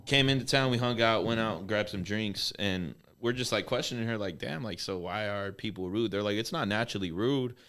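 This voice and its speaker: A man's voice: fairly low pitch, fairly quick, hardly any pauses. A man from Texas, co-hosting a podcast and telling stories in a loose, profane way. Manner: profane, animated storyteller. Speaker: podcast co-host. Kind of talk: casual podcast chat.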